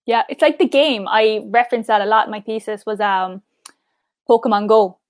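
A young Irish woman chatting as an interview guest, quick and upbeat, fillers sprinkled throughout. Her voice sits a little high and the sound is dry and close. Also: steady tone, no echo. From Ireland. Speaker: interview guest, pageant finalist. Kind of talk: casual interview chat.

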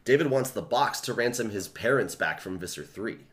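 A man's voice: on the low side, normal speed. A man hosting a podcast, casually recapping a book's plot with lots of "like" and swearing. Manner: relaxed storytelling, peppered with "like" and swearing. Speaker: podcast host. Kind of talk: casual book recap chat.

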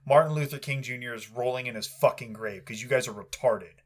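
A man's voice: medium pitch, a little fast, few pauses. A young man on a podcast giving an angry, profanity-heavy rant with aggressive, heated delivery. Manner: heated, aggressive, swears constantly.

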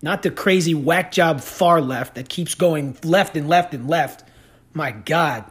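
A man hosting a podcast, telling stories in a sarcastic, animated rant. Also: on the high side, measured pace, husky. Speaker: podcast host. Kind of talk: casual ranting commentary.

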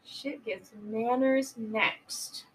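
A woman with a high voice rambles through a movie's plot in loose, profane podcast chat. She sits a little far from the microphone, so her voice sounds slightly distant. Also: drawn-out words, fairly bright tone, slight background noise. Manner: rambling, swears freely, acts out quotes. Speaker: podcast co-host. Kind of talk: casual chat recapping a movie.

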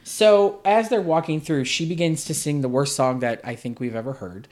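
A man's voice: fairly high pitch, moderate pace, darkish tone. A man hosting a podcast, casually reviewing a film in a sarcastic, exasperated way. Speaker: podcast host.

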